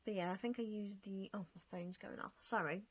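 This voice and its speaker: Young woman rambling over her sims build, laughs at herself a lot, chatty and casual, normal mid pitch. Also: steady tone, brisk, slight background noise. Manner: chatty, self-mocking, laughs often. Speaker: game vlogger. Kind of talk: casual commentary over gameplay.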